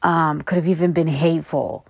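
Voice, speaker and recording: A woman's voice: deep voice, fairly even intonation, normal speed, vocal fry, breathy edge, dry recording. Blunt, profane woman podcaster. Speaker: podcast host. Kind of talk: casual solo podcast monologue.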